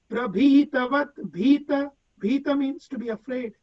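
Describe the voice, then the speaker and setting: A man's voice: very high voice, normal speed, few pauses, darkish tone, muffled recording. A man leading a devotional scripture class, reciting Sanskrit verses and then explaining them word by word.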